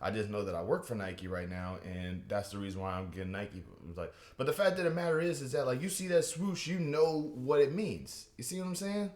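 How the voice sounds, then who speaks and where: A man doing a rambling, animated stand-up comedy rant, with many restarts and asides. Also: medium pitch, a little fast, hardly any pauses, roomy sound.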